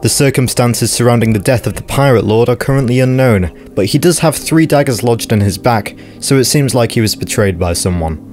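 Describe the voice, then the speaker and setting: A man's voice: medium pitch, animated, a little fast, few pauses, a little mellow, soft background music. A man narrating game lore in a casual scripted way, with wry, joking asides.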